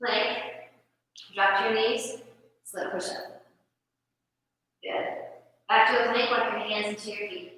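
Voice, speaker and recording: A woman's voice: on the high side, flat delivery, normal speed, long pauses, sharp tone. Echoey woman coaching a workout. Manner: upbeat cueing, counting out reps. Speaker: fitness instructor. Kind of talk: guided workout instruction. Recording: echoey room from far off.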